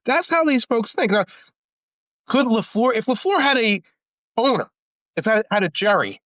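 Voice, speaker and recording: A man talking football as a podcast guest, rambling and animated, full of asides. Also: sits high, moderate pace, long pauses, dry recording. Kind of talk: casual sports talk.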